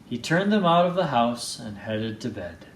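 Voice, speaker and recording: A man reading a children's picture book aloud, slow and playful, doing voices as he goes. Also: roomy sound, slight background noise. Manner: slow, expressive, playful read-aloud with lively pitch. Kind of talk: storybook read-aloud with voices.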